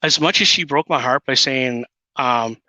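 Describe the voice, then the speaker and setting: A man's voice: mid-range voice, normal speed, bright, forceful tone, no room sound. A man talking earnestly and emotionally as a guest father in casual chat. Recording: dull lo-fi sound.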